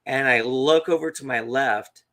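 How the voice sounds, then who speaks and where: A man co-hosting a podcast, telling a story in a casual, animated way and acting out the quotes. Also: medium pitch, a little slow. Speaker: podcast co-host.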